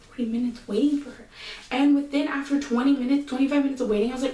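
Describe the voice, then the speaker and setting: Young woman vlogger, higher voice, chatty slangy storyteller, roomy echo, a bit off-mic. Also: rapid-fire, recorded from a distance. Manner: animated, slangy, full of fillers and asides to viewers. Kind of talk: casual storytime.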